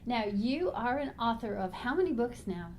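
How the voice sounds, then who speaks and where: A woman's voice: on the high side, lively intonation, moderate pace. Woman host with faint background hiss. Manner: warm, encouraging, many short affirmations. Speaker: interview host. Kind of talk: casual interview talk.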